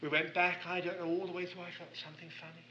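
Bright-voiced man preaching in story form. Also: high voice, level tone, quick pace, muffled recording. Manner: earnest anecdotal storyteller. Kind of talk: sermon storytelling.

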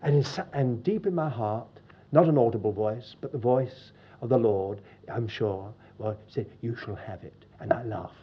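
Brief: older churchman, husky and fairly high voice, dull lo-fi recording, folksy storyteller. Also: moderate pace. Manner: folksy, repeats "he said" often. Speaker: church speaker. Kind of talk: storytelling testimony to a congregation.

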